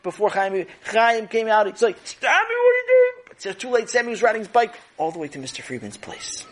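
A man narrating a children's story in an animated way, acting out the characters. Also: sits high, fairly quick. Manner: animated, with voices.

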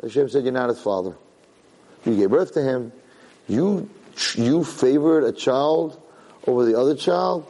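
A man teaching a Torah class, animated, jumping high when he acts out a yelling parent. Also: measured pace. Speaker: Torah lecturer. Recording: long hall reverb.

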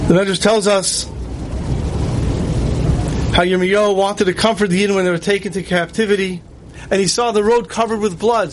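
High-voiced man preaching emotion. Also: slight background noise, low-quality recording. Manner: emotional, acts out voices in stories, drawn-out pleading. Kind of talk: sermon storytelling.

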